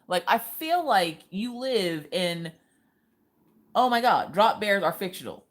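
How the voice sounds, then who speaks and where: Animated woman livestreamer, lively pitch. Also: takes it slowly. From Pennsylvania. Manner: animated, laughing, exaggerated reactions. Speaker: livestream host. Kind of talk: casual livestream chat reading comments.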